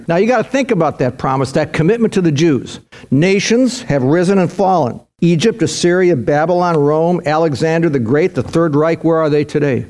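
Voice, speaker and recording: Pastor guy preaching hard, kinda high voice, keeps repeating himself for emphasis. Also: expressive, moderate pace, darkish tone. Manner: fervent preaching, rising to emphatic peaks; repeats words and restarts as he stresses. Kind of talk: sermon.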